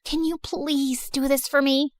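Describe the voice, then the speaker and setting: A woman voicing a pushy, scheming popular teenage girl in an animated story, talking fast and persuasively. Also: sits high, no room sound, clean studio sound.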